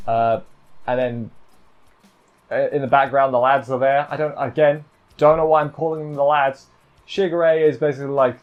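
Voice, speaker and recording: A man's voice: medium pitch, steady tone, moderate pace, muffled recording. Rambling man doing a casual anime review. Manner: rambling, self-correcting, jokey asides. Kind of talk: casual live review chat.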